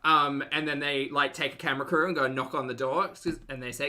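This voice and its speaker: Chatty Australian man, bright voice. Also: a little high, steady tone, fast. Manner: chatty, rambling, many fillers. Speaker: host. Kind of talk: casual reaction commentary.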